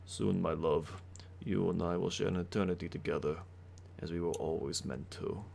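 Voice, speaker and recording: A man voicing an ancient male vampire lord, speaking low, hushed and intimate. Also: steady tone, moderate pace, vocal fry, a little hiss or hum. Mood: tender, menacing.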